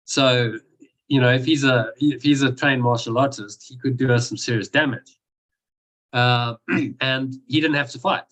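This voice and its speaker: Leading a discussion and meditation group, a man tells stories in a casual teaching style, restarting often and acting out quotes. His mid-range, fairly bright voice is steady and unhurried, though the recording sounds rough.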